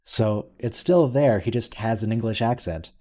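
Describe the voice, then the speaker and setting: A man's voice: lowish voice, normal speed, warm tone. A man hosting a watch-along, chatting casually and thinking aloud as he comments on the episode. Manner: musing, conversational, thinks aloud with restarts.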